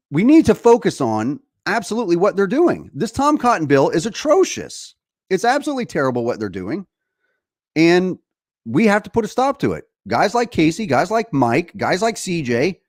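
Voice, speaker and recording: A man's voice: sits high, no room sound, studio quality. A man hosting a heated political podcast, emphatic and profane, often restarting and repeating himself. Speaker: podcast host.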